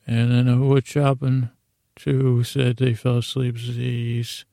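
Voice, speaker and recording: A man hosting a podcast, telling a rambling bedtime story in a low-key, drowsy, meandering way. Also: monotone, takes it slowly, gravelly, dark tone, no echo. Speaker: podcast host.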